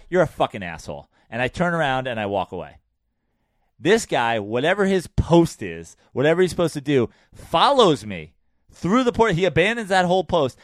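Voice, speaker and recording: A man telling a profane story in casual chat, animated and blunt. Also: fairly high pitch, no echo, studio quality.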